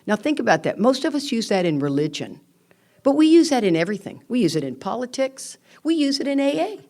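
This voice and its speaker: An older woman giving a candid, lively talk to a recovery meeting. She reads out quotes and acts out the people in her stories. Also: a little high, brisk.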